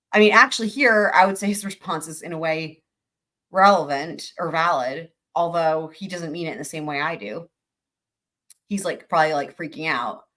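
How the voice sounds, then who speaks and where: A woman hosting a livestream, reacting to trial testimony in animated, incredulous casual commentary and swearing freely. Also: low voice. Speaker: livestream host.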